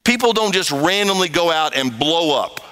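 A man preaching a sermon, reading scripture and acting out voices and sounds, with wide swings in pitch. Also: animated, normal speed, sharp tone.

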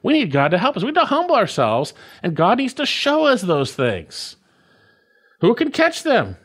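A man's voice: high-pitched, wildly swooping pitch, moderate pace, a bit bright. A man preaching an expository sermon, explaining word meanings and repeating key phrases with emphatic stress. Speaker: pastor.

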